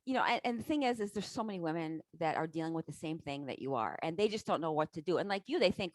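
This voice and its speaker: A woman's voice: fairly low pitch, lively intonation, fast talker, hardly any pauses, no room sound. A woman hosting an interview, encouraging her guest and asking long, winding questions. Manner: warm and encouraging, asks long rambling questions. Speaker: host.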